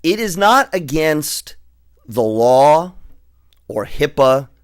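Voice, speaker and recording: A man's voice: a little high, very animated, slow. Rambling middle-aged male radio co-host. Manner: rambling, restarts often, laughs easily. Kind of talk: casual radio talk.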